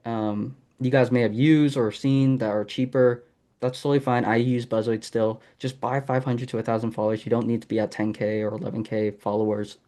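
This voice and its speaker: Guy coaching sales on a video call, easygoing, encouraging, lots of ums, normal middle pitch. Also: dark tone. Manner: casual and encouraging, with frequent ums. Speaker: masterclass host and sales coach. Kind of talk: live online teaching session.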